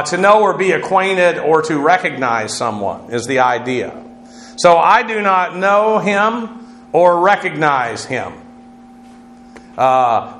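Echoey Bible teacher spelling Greek words. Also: male voice, a little high, fairly bright tone. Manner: explanatory, spells out Greek words, frequent uh fillers. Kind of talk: Greek word-study lecture. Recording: echoey room with faint noise.

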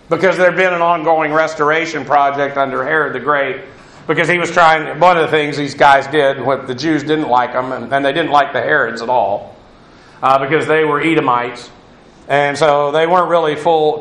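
A man's voice: on the high side, gravelly, fairly bright tone. A man giving a verse-by-verse Bible teaching, talking in a discursive way with many restarts and asides. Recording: roomy echo.

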